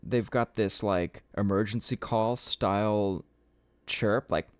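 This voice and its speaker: Young male podcaster, rambling storyteller, swears a lot, smooth low voice, dry close sound. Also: takes it slowly, no echo. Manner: casual, rambling, swears often, laughs at own story. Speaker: podcast host.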